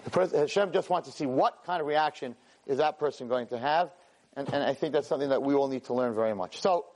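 Man, rabbi, storytelling class, animated, self-mocking, hebrew and yiddish words mixed in. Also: medium pitch, quick pace. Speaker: rabbi and teacher.

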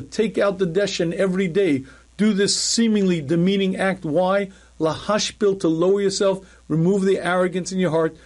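A middle-aged man, a rabbi, teaching a class in a measured, emphatic way, repeating key phrases and often clearing his throat. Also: sits high, a little mellow. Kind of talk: recorded Torah lecture.

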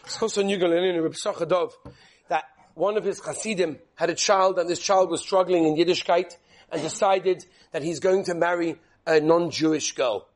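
A man teaching a Torah class as an animated sermon, mixing in Hebrew and Yiddish terms and quizzing his listeners. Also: fairly high pitch, normal speed.

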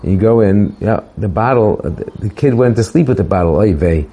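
A man giving a casual, halting Torah talk, with many fillers and restarts, slowing down to quote verses. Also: on the low side, lively intonation, mellow. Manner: hesitant, many fillers and restarts, quoting Hebrew verses slowly. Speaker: speaker sharing a Torah thought.

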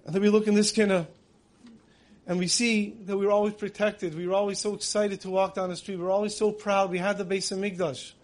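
A man's voice: high-pitched, flat delivery, fairly quick. A man giving a dramatic sermon, telling stories vividly and acting out the voices he quotes.

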